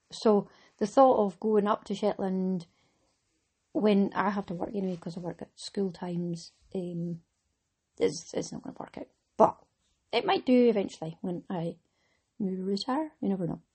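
A woman's voice: medium pitch, moderate pace, a little mellow, husky. A middle-aged Scottish woman hosting a knitting podcast, talking in a chatty, rambling way with frequent laughs. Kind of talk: casual chat.

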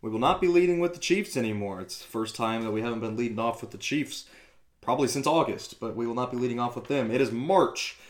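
A man hosting a casual sports podcast, talking loosely with quick asides and casual swearing. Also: mid-range voice. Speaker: podcast host.

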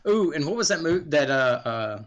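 A man's voice: on the high side, very animated, normal speed, highs cut off. Chuckling, rambling middle-aged man. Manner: rambling, chuckling storyteller who restarts sentences. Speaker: guest game designer. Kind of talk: casual podcast conversation.

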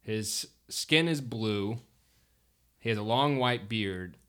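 A man's voice: lowish voice, takes it slowly, fairly bright tone, smooth. A man running a tabletop game as game master, narrating casually with many restarts and fillers.

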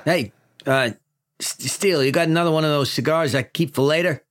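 A man voicing a gruff middle-aged police chief with a put-on New York accent, brash and bossy, with wheezy sighs. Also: fairly high pitch, a little fast, close to an everyday voice. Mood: jovial. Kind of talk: tabletop game character voice.

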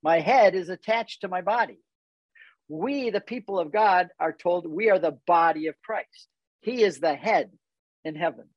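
An older man explaining Bible stories in casual conversation, animated and full of rhetorical questions. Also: high voice, normal speed, dry recording, lo-fi sound. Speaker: guest.

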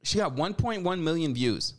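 A man's voice: fairly high pitch, lively intonation, moderate pace. A man in his forties hosting a talk show, giving sarcastic, scolding commentary. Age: 40s. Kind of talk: opinion commentary.

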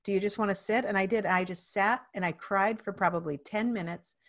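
A woman guest in a casual conversation, telling a personal story with lively acted-out quotes. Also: medium pitch, fairly quick. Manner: animated storyteller, acts out quoted speech.

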